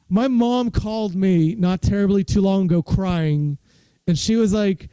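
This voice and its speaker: A man's voice: sits high, moderate pace, warm tone, clean tone, no echo, low-quality recording. A man who is a stand-up comedian, telling rambling, self-deprecating stories in a casual chat over a video call.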